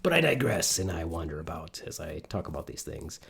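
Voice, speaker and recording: A middle-aged man from Michigan hosts a podcast from his home studio. He rambles and jokes, swearing freely, and his pitch swings widely as he riffs. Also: sing-song, fairly quick, creaky, a bit bright, slightly rough. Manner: rambling, profane, joking. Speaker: podcast host. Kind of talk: casual podcast banter.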